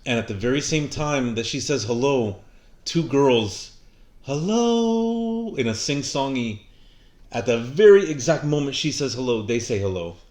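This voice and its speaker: A man's voice: mid-range voice, normal speed. Man telling a ghost story, roomy sound. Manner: animated storyteller, trails off and restarts. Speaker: podcast co-host. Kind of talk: casual chat, storytelling. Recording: roomy echo.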